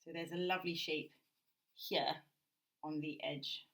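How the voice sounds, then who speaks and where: A woman with a British accent teaching a drawing lesson, explaining gently and thinking aloud as she draws. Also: sits low, steady tone, measured pace, poor audio. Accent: British English. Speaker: art teacher. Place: indoors at a drawing table.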